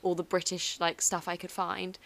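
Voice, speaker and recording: A young woman chats casually and animatedly, packing her stories with fillers. Her voice sits a little low. The sound is dry and close, with no room around it. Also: normal speed, vocal fry, no room sound. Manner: animated storyteller, lots of fillers. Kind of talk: casual chat.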